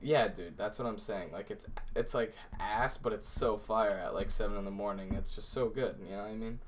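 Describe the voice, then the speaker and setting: A young man hosting a podcast, chatting casually with friends and telling stories animatedly, acting out the shouts and quoted lines. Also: lowish voice, brisk, slight background noise. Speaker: podcast host.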